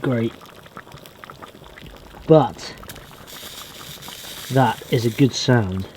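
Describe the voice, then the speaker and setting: A man from Britain vlogging from a small wood cabin with a stove, chatting in a relaxed way and talking straight to his viewers. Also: medium pitch, drawn-out words, a little hiss or hum. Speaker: outdoors vlogger. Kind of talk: casual vlog to camera.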